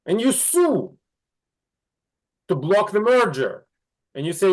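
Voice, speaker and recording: A man's voice: high-pitched, sing-song, slow, long pauses, a little mellow. A middle-aged man teaching an online class, asking the students questions and often checking in with "right?". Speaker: instructor.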